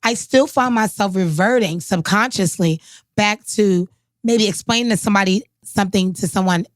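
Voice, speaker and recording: A woman co-hosting a podcast in casual chat, talking in an emphatic, animated way. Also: mid-range voice, normal speed, dry recording. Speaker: podcast co-host.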